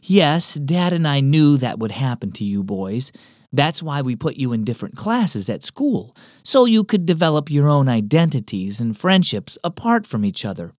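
A male narrator voicing a gentle mother of twin boys in a children's storybook reading, calm and lightly teasing. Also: mid-range voice, moderate pace, no echo, clean studio sound, natural voice.

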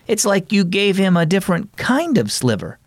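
A man voicing a mother who gently scolds her son in a children's story reading. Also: high-pitched, very animated, moderate pace, no echo, clean studio sound, voice pushed up, exaggerated voice. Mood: firm. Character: firm but loving mother.

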